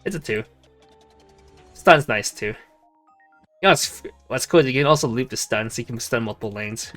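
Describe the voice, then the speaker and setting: A man's voice: medium pitch, expressive, moderate pace, fairly bright tone, soft background music. A man with a Canadian accent co-hosting a card review show, explaining rulings in casual chat and often restarting his sentences. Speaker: co-host reviewing cards.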